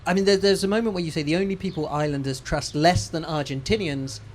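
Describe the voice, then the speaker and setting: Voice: medium pitch, fairly even intonation, fast talker, a little hiss or hum. A host interviewing an author at a bookshop event, asking thoughtful, hesitant questions with many restarts.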